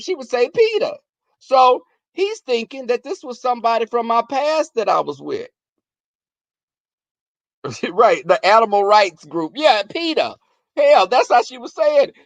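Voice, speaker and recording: A man telling comic family stories on his vlog, animated and profane, often breaking into laughter. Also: very high voice, gravelly, dry recording. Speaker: vlogger. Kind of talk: comic storytelling.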